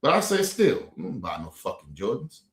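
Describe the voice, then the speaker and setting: A man's voice: medium pitch, wildly swooping pitch, normal speed, fairly bright tone. A man streaming commentary, blunt and indignant, with heavy swearing. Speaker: streamer reacting to clips. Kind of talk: casual profane commentary. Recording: roomy echo.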